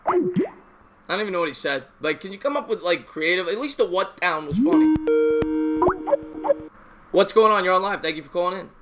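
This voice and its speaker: A man in his thirties with a New York accent, hosting a live sports call-in show, chatty and quick to repeat himself. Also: high-pitched, expressive, a loud crowd. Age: 30s.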